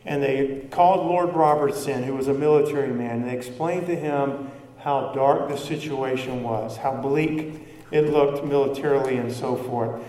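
A man's voice: mid-range voice, fairly even intonation, moderate pace, mellow, far from the mic. Man preaching in an echoey hall. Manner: conversational preaching with rhetorical questions. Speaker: pastor. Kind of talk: sermon.

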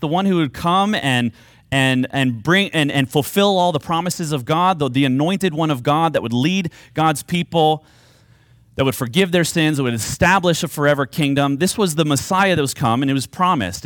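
A man preaching a sermon, earnest and emphatic, with dramatic pauses on key phrases. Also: on the high side, a bit bright, dry recording, studio quality. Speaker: pastor.

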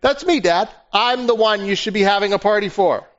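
A preacher putting on the voice of a resentful older brother, pitched up high and whining with self-righteous indignation. The sound is dull and lo-fi. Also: male voice, normal speed, fairly bright tone. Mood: indignant. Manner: whiny, self-righteous complaining. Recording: dull lo-fi recording.

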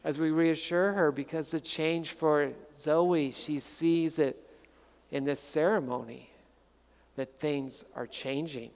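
Animated pastor preaching in a reverberant hall. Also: male voice, on the high side, slow. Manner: conversational, animated storytelling with humor. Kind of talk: sermon.

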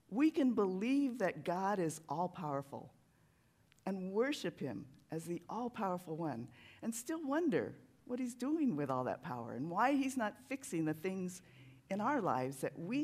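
A preacher giving a sermon in a church sanctuary, talking in a conversational, animated way that tells a story. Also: medium pitch.

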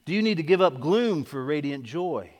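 A man's voice: on the high side, expressive, moderate pace. A man preaching a sermon as pastor, driving his points home with repeated questions and calls to come forward. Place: church sanctuary. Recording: echoey hall.

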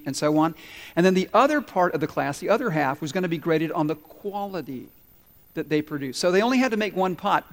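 A man preaching a sermon, telling stories and acting out the people in them as he goes. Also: fairly high pitch. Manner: storytelling preacher, voices the people in the story. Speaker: pastor. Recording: long reverb of a large hall.

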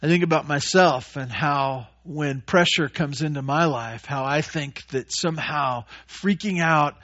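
A man preaching a sermon as pastor, animated, acting out the voices of the people in his story. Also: a little high, a little slow, highs cut off. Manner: animated, acts out voices of Jesus and disciples.

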